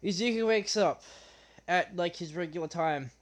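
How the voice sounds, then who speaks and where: A young man retelling his fan story off the cuff, halting often with fillers and restarts. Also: high-pitched.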